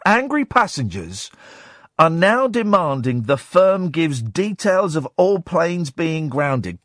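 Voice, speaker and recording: A man's voice: fairly high pitch, sing-song, takes it slowly, fairly bright tone, no room sound, studio quality. A man hosting a radio show, reading the news aloud and mocking it in a sarcastic, jokey way. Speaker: radio host. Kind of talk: casual radio chat. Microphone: studio mic.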